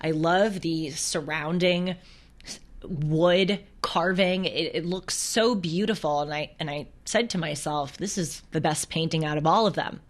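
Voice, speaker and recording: Young woman host, low-ish voice, earnest storytelling with little restarts, camera up close. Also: unhurried. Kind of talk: casual faith talk on camera. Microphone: camera close to her.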